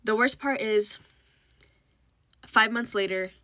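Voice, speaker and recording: A woman's voice: a little high, slow pace, pushed and bright, no echo. A woman telling a casual storytime, rambling with lots of fillers and acting out what people said. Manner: rambling, filler-heavy, acts out quotes.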